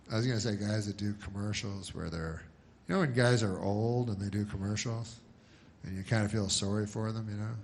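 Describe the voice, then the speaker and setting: A man doing a stand-up comedy set in a small club, talking in a deadpan, rambling way with wry asides. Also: medium pitch. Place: small club before a live audience.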